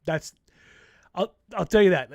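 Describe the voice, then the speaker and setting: A man's voice: high voice, unhurried, gravelly, dry recording, studio quality. A man co-hosting a casual sports podcast, telling stories in a blunt, jokey way. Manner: animated storyteller, jokey and blunt. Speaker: podcast co-host.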